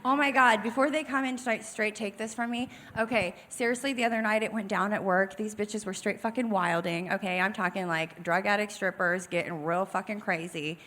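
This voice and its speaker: A woman's voice: medium pitch, fairly even intonation, fairly quick, few pauses, a bit bright. A young woman doing raunchy stand-up on a comedy club stage, brash and profane, acting out the people in her story.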